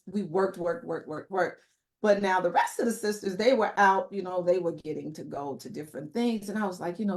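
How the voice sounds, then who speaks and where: A middle-aged woman, a podcast guest, recalling memories in a reflective storytelling manner with many pauses and fillers. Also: fairly low pitch. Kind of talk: conversational interview testimony.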